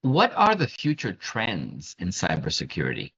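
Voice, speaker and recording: A man's voice: sits low, huge pitch swings, moderate pace, vocal fry, fairly bright tone, slightly rough. A man with a French accent hosting a podcast, asking questions and giving brief, encouraging reactions. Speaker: podcast host. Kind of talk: casual podcast interview. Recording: dull lo-fi audio.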